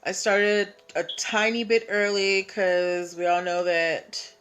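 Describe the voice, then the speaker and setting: A woman's voice: mid-range voice, little pitch movement, slow, fairly bright tone, clean tone. A woman hosting a casual live stream, chatting and greeting viewers by name. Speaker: livestream host.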